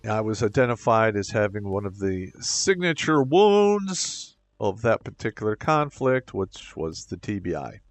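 A middle-aged man from Michigan, an army veteran, speaks in a low, dry, close voice. His delivery is deliberate and halting, with occasional stammers and trailing thoughts. Soft music plays faintly behind him. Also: big pitch swings, no echo. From Michigan, USA. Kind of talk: personal account to camera.

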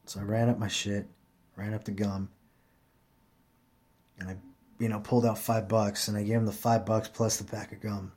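A worn-out vlogger with a somewhat low, slightly mellow voice speaks directly to his audience, recounting a personal story in a loose, plainspoken style full of rambling and cursing. His delivery is flat and moderately paced, broken up by long pauses.

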